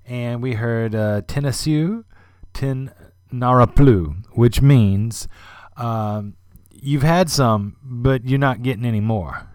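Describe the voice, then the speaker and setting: A man's voice: mid-range voice, slow pace, darkish tone, clean tone, dry recording, clean studio sound. Chatty male music podcast host. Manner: chatty, rambling, many fillers and asides. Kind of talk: casual radio-style music commentary.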